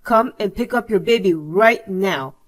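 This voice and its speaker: A woman's voice: medium pitch, measured pace, voice pushed down, natural voice. A woman's voice, probably synthetic, reading the lines of an angry adult man who scolds urgently in a drama story. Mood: scolding.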